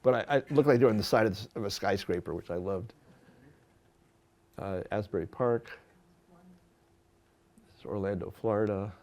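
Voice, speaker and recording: A man, a photographer, telling stories from his career to an audience in a lively, self-deprecating way with many restarts. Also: fairly low pitch, moderate pace, long pauses. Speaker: photographer giving a talk. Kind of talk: storytelling lecture. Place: lecture hall at an art school.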